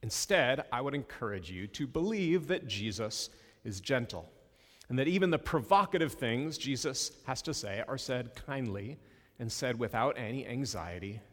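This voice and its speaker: A man's voice: medium pitch, expressive, normal speed, in a large hall. A male pastor giving a sermon in a conversational way, with self-deprecating asides.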